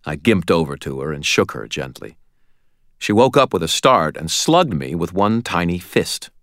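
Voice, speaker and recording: A man narrating an audiobook in a wry, expressive storytelling manner. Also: deep voice, moderate pace, no room sound, studio quality.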